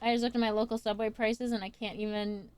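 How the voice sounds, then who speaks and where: A woman from Newfoundland chats loosely on a live stream, restarting her sentences and swearing offhandedly. Her voice sits a little high for a woman, with a faint background hum under it. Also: level tone, fast talker. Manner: rambling, swears casually, frequent restarts. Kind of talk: casual live-stream chat.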